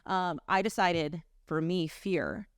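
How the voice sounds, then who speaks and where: Lively woman guest on a podcast, smooth clear voice, dry close mic, acts out little quotes. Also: lowish voice, slow, no room sound. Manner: animated storyteller, acts out quotes, laughs often. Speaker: podcast guest, business owner. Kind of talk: casual podcast conversation.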